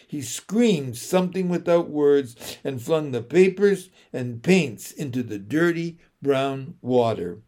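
A man narrating a children's novel in slow, deliberate, emotional storytelling. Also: on the high side, animated, darkish tone. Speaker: audiobook narrator.

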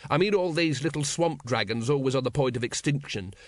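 A man voicing a gruff, bitter city watch captain who talks in a low, grumbling growl. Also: lively intonation, a little fast, no room sound, clean studio sound, close to an everyday voice.

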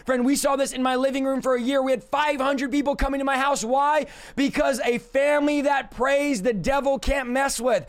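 Hoarse man, very high voice, fervent repetitive preaching on a live stream. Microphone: streaming setup reading live chat.

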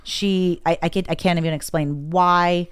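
A woman's voice: on the low side, fairly even intonation, normal speed, smooth. A woman candidly recounting a hard personal experience in conversation, emotional and quoting herself and others as she talks.

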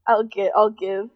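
A woman playing a tabletop game, excitable and gushing as she talks. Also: mid-range voice, no room sound, phone-quality sound. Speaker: player. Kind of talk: casual tabletop play.

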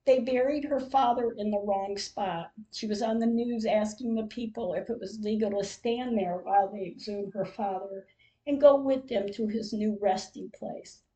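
An older woman hosting a podcast, reading out a personal diary-style account in a slow, measured way, with emotional moments. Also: medium pitch, mellow, rough recording. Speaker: podcast host.

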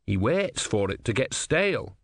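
A man's voice: mid-range voice, very animated, moderate pace, gravelly, no room sound, clean studio sound. A man voicing a timid, honest young novice monk in an audiobook, speaking earnestly and a little hesitantly. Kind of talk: audiobook character voice.

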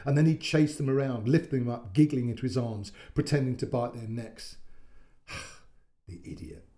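A man narrating a short story in a measured, descriptive way. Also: medium pitch, dark tone.

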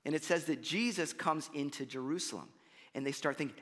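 Man preaching, conversational asides, sharp tone, echoing church hall. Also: on the high side, brisk. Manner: animated, conversational preaching with frequent "right?" and "you know" asides. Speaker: pastor. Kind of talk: sermon. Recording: long hall reverb.

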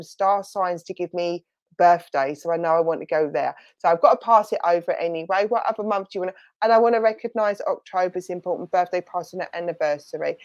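A woman's voice: fairly low pitch, darkish tone, no echo, lo-fi sound. A middle-aged woman with a London and Essex accent giving a chatty, rambling mediumship reading and passing on messages from spirit. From southern England.

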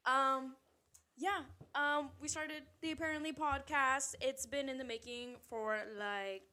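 A woman's voice: sits high, fairly even intonation, unhurried, pushed and bright. Joking woman from Texas. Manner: jokey and teasing, laughs often. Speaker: podcast co-host. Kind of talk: casual chat.

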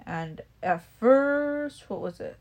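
A woman's voice: on the high side, expressive, slow, a little mellow. A young woman casually telling a personal story, rambling, swearing a lot and restarting her sentences. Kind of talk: casual chat.

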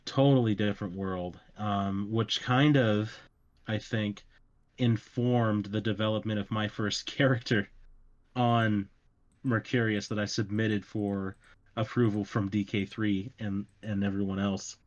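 A man with a fairly low voice talks in a loose, rambling way, full of fillers and self-mocking asides. The recording sounds a little dull and lo-fi. He sounds like a young adult chatting on a podcast. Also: fairly even intonation, measured pace. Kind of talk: casual chat.

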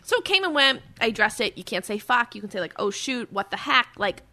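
A woman in her thirties, a podcast co-host, telling animated stories about her kids in casual chat. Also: mid-range voice, a little fast. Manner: animated storyteller, acts out her kids' voices.

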